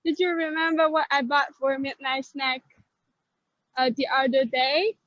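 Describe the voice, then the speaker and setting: A woman walking down a city street on a phone call, pointing out shops in simple, halting English. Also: high voice, steady tone, fairly bright tone, dry recording. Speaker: guest showing her street on a video call. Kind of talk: casual walking tour chat. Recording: muffled phone-call audio.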